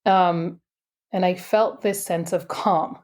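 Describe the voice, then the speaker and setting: A woman guest on a podcast telling a personal story in an animated, chatty way, full of "like" and "you know". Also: fairly low pitch, slow pace. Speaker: podcast guest, intuitive coach.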